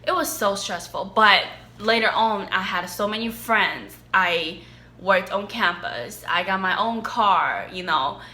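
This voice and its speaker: Young woman, Chinese accent, bright tone, casual animated chat, echoey room. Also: medium pitch, measured pace. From China. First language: Mandarin Chinese. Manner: chatty, animated, laughs often. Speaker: vlogger.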